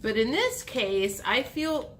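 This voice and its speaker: A woman's voice: slow, background noise. A woman reading tarot cards for her channel, thinking aloud as she turns each card and acting out imagined dialogue. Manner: lively, acts out dialogue with big pitch jumps. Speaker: tarot reader.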